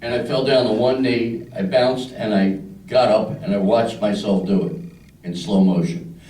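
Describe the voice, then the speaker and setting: An older Philadelphia stand-up does a crude club routine, acting out the characters in his stories in a low, mellow, steady voice at normal speed. The low-quality recording sounds roomy and far from the mic, with slight background noise.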